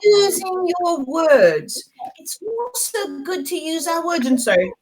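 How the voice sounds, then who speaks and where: In poor audio, a middle-aged woman hosts a children's storytime and craft lesson in character, her extremely high voice very animated yet slow, with a darkish tone. She coaxes the small children in a sing-song way.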